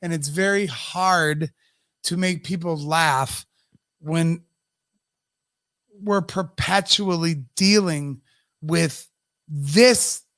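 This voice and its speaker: A man co-hosting a live podcast, ranting in an emotional and profane way. His voice sits fairly high and he takes his time, with a dry, close sound. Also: drawn-out words, pauses often, fairly bright tone, no echo. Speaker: podcast co-host. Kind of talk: casual live podcast chat.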